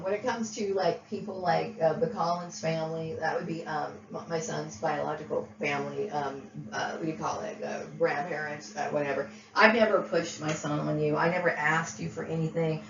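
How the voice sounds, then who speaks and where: A woman's voice: on the low side, slight background noise. A woman venting in a profane, agitated personal rant to camera, stumbling over restarts and flaring into outbursts. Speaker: vlogger. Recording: roomy, distant, dull lo-fi sound.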